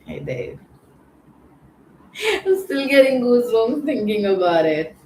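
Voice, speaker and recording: A woman's voice: fairly high pitch, lively intonation, unhurried, warm tone. A woman hosting a livestream, greeting viewers by name in a chatty, teasing way. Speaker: livestream host. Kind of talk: casual livestream chat. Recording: echoey room with faint ambient noise.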